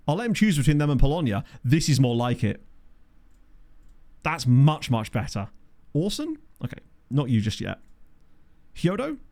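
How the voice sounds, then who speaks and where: A man talks through a management game at his desk, thinking aloud in a chatty, unpolished way. His pitch sits in the middle of a man's range but swings widely, jumping up whenever something excites him. It is a casual, homemade commentary recorded on a desk microphone.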